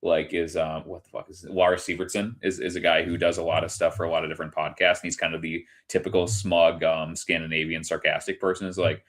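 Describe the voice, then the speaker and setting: Deep-voiced man ranting about football. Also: flat delivery, quick pace, hardly any pauses, fairly bright tone. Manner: heated ranting, swears freely, acts out others in quoted bits. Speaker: podcast co-host. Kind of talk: casual sports chat.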